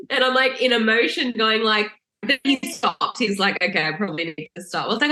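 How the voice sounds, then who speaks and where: A bright-voiced woman tells her birth story casually on a podcast, laughing often and acting out the lines she quotes. Her voice has a roomy, echoey sound. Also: on the high side, a little fast. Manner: lively, laughing, acts out quoted lines in a raised voice. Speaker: podcast guest.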